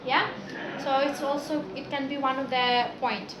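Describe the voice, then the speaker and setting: A high-voiced woman talks to a class as a guest speaker, chatty and full of stories. The room is echoey, and students can be heard around her. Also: little pitch movement, a little slow, a crowd in the background. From Ukraine. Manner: chatty, anecdotal, many "like" and "yeah" fillers. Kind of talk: informal talk to a class.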